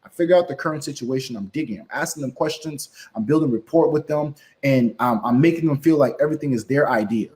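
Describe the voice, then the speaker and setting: A man's voice: medium pitch, fast talker, few pauses, darkish tone. A man giving motivational sales advice as a guest, emphatic, often checking in with "right?" and acting out phone calls.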